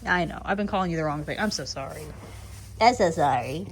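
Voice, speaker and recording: A woman chatting casually on camera in a horse barn at night, rambling and laughing, cooing softly to the mares and foals. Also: low-pitched, expressive, fairly quick, slight background noise. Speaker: foaling attendant filming her barn. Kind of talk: casual vlog chat.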